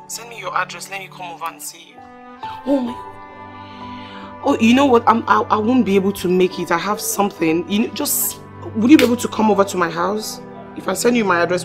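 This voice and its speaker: Woman doing a kind motherly lady, low-ish voice, soothing, prayerful, faint music. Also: lightly acted. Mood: sympathetic. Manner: warm, reassuring, prayerful. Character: caring motherly wife and host.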